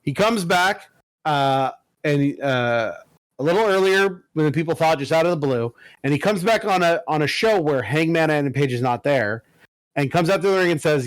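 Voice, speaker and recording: A man's voice: a little high, moderate pace, no room sound, low-quality recording. A man co-hosting a podcast, telling a long story in casual chat with lots of swearing. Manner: profane, animated storytelling. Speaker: podcast co-host.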